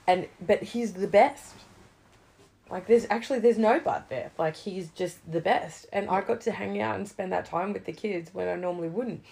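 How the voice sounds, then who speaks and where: A young woman, chatting casually, swearing a lot and swinging between loud outbursts and low mutters. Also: moderate pace, gravelly. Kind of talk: casual chat.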